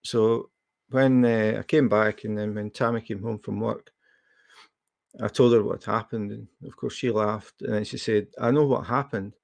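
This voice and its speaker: A man's voice: fairly low pitch, little pitch movement, moderate pace, creaky, a little mellow, no room sound. A man with a Scottish accent hosting a live chat, telling a rambling anecdote with plenty of fillers. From Scotland. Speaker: livestream host. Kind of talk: casual storytelling chat.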